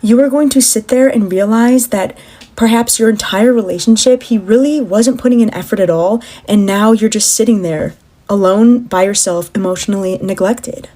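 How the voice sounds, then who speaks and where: A woman's voice: medium pitch, moderate pace, mellow. A woman giving direct, admonishing relationship advice to her viewers. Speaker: social media commentator.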